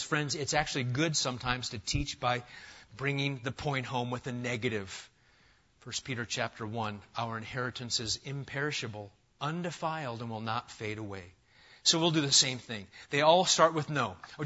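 A man preaching a sermon from the pulpit, building to loud, emphatic declarations. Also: medium pitch, highs cut off. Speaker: pastor.

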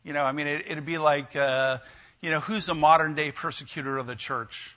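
A man's voice: on the high side, steady tone, a little fast, sharp tone, muffled recording. A man preaching a sermon in a conversational way, often asking his listeners questions. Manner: conversational, asks the congregation questions. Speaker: pastor.

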